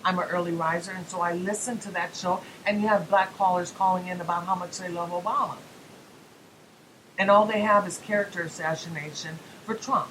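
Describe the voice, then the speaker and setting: A woman's voice: lowish voice, moderate pace, background noise. A woman hosting a political talk radio show, speaking emphatically with rhetorical questions and folksy asides.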